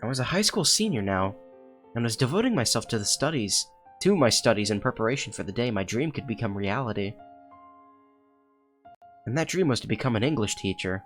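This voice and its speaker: A man's voice: medium pitch, big pitch swings, fairly quick, pauses often, a bit bright. Man reading an earnest teenage schoolgirl, plain read-aloud delivery, faint game music.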